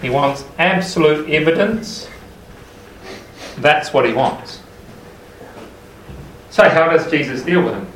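A man's voice: fairly high pitch, animated, slow pace, long pauses, a bit bright, a little hiss or hum. A man leading a group Bible study, talking casually and asking the group questions. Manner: conversational, asks the group questions. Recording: roomy, mic at a distance.

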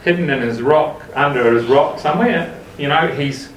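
Leading a casual group Bible study, a man with a voice on the high side talks at a moderate pace and keeps asking the group questions. There's slight background noise, and the recording sounds roomy, with the mic placed at a distance.

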